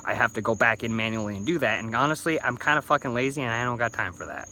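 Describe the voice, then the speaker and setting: Man, 30, slightly drunk YouTuber ranting on his phone, bright and tense voice, lots of restarts. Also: medium pitch, fast, slight background noise. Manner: rambling, stumbling restarts, swearing. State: a little drunk. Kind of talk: casual ranting vlog.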